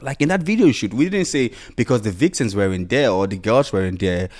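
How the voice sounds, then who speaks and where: On his solo motivational podcast, a man speaks in an expressive, slightly mellow voice on the low side, fairly quickly. His casual delivery is urging and insistent, full of repetition and "you know" fillers.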